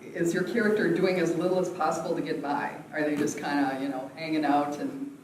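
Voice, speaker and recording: A woman's voice: low-pitched, steady tone, fairly quick. A woman teaches an acting workshop in a big echoey room, recorded from some distance with faint noise behind her. She demonstrates the vocal exercises herself and laughs often between explanations. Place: large echoey theatre room.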